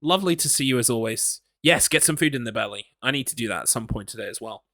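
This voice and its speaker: Talking fast in an expressive, sharp-toned medium-pitched voice, an English man streams a horror game and rambles casually. He teases himself and talks to himself as he reads his chat, recorded in studio quality with no room sound.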